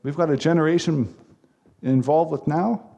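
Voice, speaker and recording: Man, pastor, sermon, mellow gravelly voice, emphatic. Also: a little high, steady tone, moderate pace. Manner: earnest, emphatic preaching with repeated phrases.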